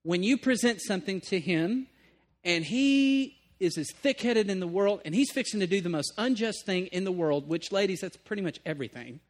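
A man preaching a sermon, moving between emphatic bursts and hushed asides, often checking in with the room. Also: high voice, lively intonation, moderate pace. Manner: conversational, checks in with listeners. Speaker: pastor.

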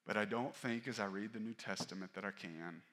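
A man's voice: lowish voice, a little fast, a bit bright. Man preaching a candid, conversational sermon. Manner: candid, conversational preaching that rises and falls in force. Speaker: pastor.

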